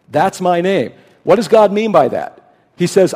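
A man's voice: high voice, lively intonation, a little slow, a little mellow. A man preaching a sermon, emphatic, rising to stress his key points. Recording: long hall reverb.

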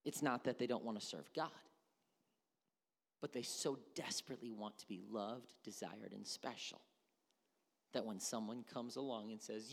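Middle-aged male pastor, animated sermon delivery, acts out voices, swings loud to hushed, gravelly tone. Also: mid-range voice, moderate pace. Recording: reverberant hall.

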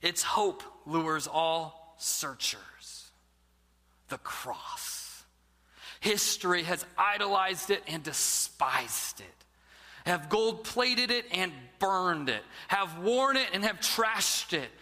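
A man's voice: high voice, expressive, takes it slowly, bright, forceful tone, in a large hall. A man who is a pastor preaching a sermon, telling a story with dramatic drops to a near-whisper.

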